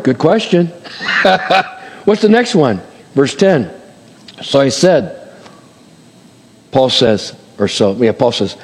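A man's voice: mid-range voice, very animated, unhurried, long pauses, a little mellow, slightly rough, long reverb tail. A man preaching a sermon, reading scripture aloud and acting out the voices with dramatic swings and chuckles. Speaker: pastor.

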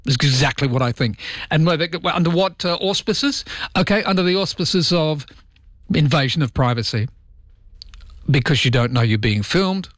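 A man's voice: fairly high pitch, expressive, moderate pace, fairly bright tone, dry recording, clean studio sound. A man with a Welsh accent and a slight lisp, hosting overnight talkback radio, reading listener texts and giving his opinions in a chatty way. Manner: chatty and opinionated, with frequent ums. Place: radio studio.

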